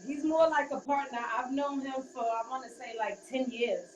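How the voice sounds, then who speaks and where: A woman rapper from Queens, New York, chatting casually in an interview with a relaxed, rambling manner and many fillers. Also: sits high, moderate pace. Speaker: rapper guest. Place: hotel room while getting ready. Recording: roomy, distant, faint background noise.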